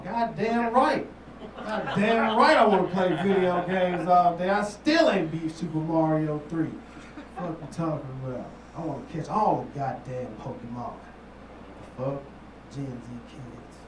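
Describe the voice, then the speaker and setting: Here a man in his 30s from Memphis, Tennessee performs comedy, his fairly high voice taking its time. The bits are loose, profane tales peppered with laughter and side comments. Captured from far away, the sound is roomy and noisy, like a club.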